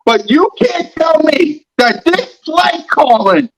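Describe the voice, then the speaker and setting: A man's voice: very high-pitched, lively intonation, slow pace, rough recording. A man hosting a fan sports talk show, ranting in a heated, mocking way and repeating lines for emphasis.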